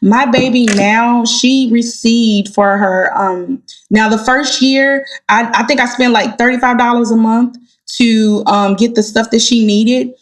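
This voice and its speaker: A woman, a gospel singer, chatting as a guest and telling heartfelt stories with animated delivery. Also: fairly high pitch, unhurried. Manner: animated, heartfelt storyteller, addresses listeners as y'all. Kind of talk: casual interview chat.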